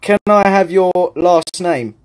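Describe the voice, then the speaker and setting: Young British lad streaming live, unhurried, teasing, chatty with fans. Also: male voice, high-pitched. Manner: playful, reads out fan gifts and comments, teasing banter. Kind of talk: casual live-stream chat.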